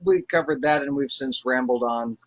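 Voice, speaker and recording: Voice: mid-range voice, moderate pace, over a noisy crowd. A co-host making wry, dry interjections in a casual chat.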